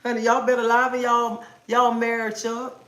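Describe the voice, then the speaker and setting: A woman's voice: fairly high pitch, completely flat delivery, normal speed, fairly bright tone. A woman hosting a casual livestream from home, chatting and playfully scolding her viewers in a sassy, talkative way. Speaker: livestream host. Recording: roomy echo.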